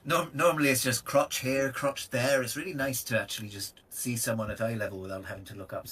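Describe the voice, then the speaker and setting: A man's voice: medium pitch, fairly even intonation, a little fast, fairly bright tone, husky, distant mic. A man chatting as a player in a tabletop game, teasing and wry. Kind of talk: casual tabletop game chat.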